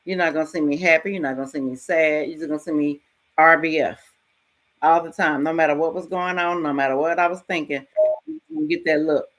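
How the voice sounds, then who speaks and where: A middle-aged woman hosting a podcast, giving a frank, casual motivational talk and telling stories with lively ups and downs and some mild swearing. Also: deep voice, brisk. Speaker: podcast host.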